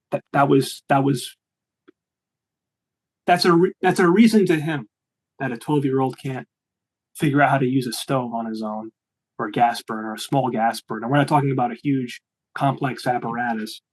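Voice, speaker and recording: Young guy, interview guest, rambling and animated, mid-pitched. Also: rough recording. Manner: rambling, animated, frequent restarts. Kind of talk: casual interview chat.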